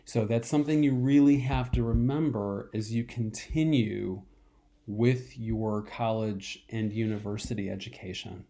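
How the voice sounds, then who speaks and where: A man teaching a college math lecture in a slow, repetitive way, often clearing his throat and coughing from a dry throat. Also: fairly low pitch, fairly even intonation, dark tone. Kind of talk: recorded online lecture.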